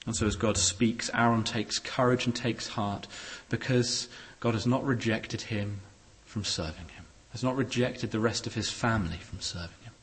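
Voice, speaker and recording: A man preaching a sermon in a church hall, expressive, with shifting pace and loudness. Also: fairly low pitch, normal speed, few pauses. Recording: echoey hall.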